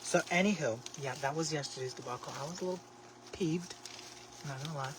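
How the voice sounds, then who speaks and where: A man hosting a casual craft livestream, chatting to viewers in a sassy, expressive way with lots of exclamations. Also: fairly high pitch, fairly quick, distant mic. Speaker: livestream host making a craft basket. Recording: steady background noise.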